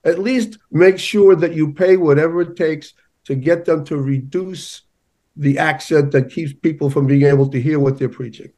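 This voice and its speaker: A man speaking as an interview guest, with a voice set a little higher than most men's. He argues his points with emphasis and slips into anecdotes. His talk is conversational and direct. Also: fairly even intonation, normal speed, warm tone. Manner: emphatic, storytelling. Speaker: journalist guest.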